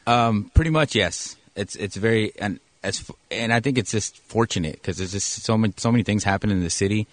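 A police officer talks through his answers with halting starts and plain, matter-of-fact phrasing. His voice sits low, and the sound is dry and close. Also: no echo. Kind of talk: casual radio interview answers.

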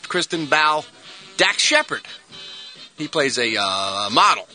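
A man's voice: on the high side, a little slow, sharp tone, soft background music, poor audio. A middle-aged man reviewing movies on a radio show, sarcastic and exclamatory.

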